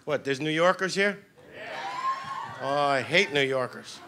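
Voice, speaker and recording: A middle-aged man with a Boston accent doing a stand-up comedy routine, with wry, quick asides to the crowd. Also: fairly high pitch, noisy background.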